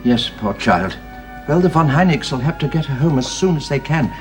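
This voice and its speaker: A courteous old gentleman, played by an actor, talks formally and politely, stumbling into ums and uhs when flustered. His voice is mid-pitched and animated, set in a period radio drama with music running behind. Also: moderate pace, close to an everyday voice. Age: older. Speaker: grandfather of the household.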